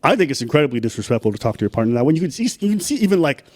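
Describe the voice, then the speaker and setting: Dude ranting on a podcast, middle pitch, swears a lot. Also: male voice, sing-song, racing, darkish tone, slight background noise. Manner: ranting, profane, blunt. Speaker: podcast co-host. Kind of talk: casual podcast chat.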